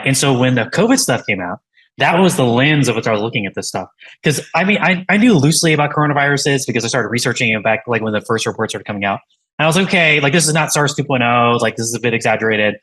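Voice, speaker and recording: A man's voice: medium pitch, a bit bright, low-quality recording. A man, a tech founder and interview guest, talking casually in a rambling way with many fillers and restarts.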